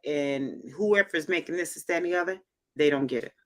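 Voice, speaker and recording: Animated, bright-voiced woman host. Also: lowish voice, normal speed. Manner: emphatic, animated, repeats phrases for stress. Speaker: show host reading viewer comments. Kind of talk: casual livestream chat.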